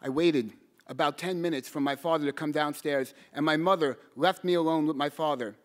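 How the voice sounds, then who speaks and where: A man whose voice is a little high earnestly recounts a personal story on a live stage, halting and repeating words along the way, and shouting out the moments where he quotes himself.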